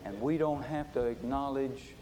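A man's voice: mid-range voice, moderate pace, slight background noise. Impassioned preacher man. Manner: impassioned, swinging from loud to hushed. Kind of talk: sermon.

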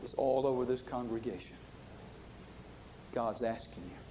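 A man's voice: medium pitch, measured pace, a little hiss or hum. Impassioned preacher man. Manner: impassioned, swinging from loud to hushed. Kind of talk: sermon.

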